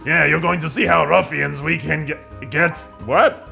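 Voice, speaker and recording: A dim street thug growls in slangy tough-guy talk, as a man puts him on. The gravelly game heavy has a little faint music underneath. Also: fairly high pitch, steady tone, measured pace, sharp tone, exaggerated voice. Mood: gruff.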